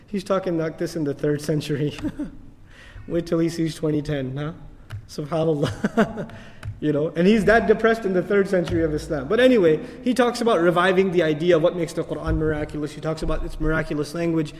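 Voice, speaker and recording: A man giving an animated religious lecture as an Islamic teacher, telling stories and asking rhetorical questions. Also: a little high, brisk. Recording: long hall reverb.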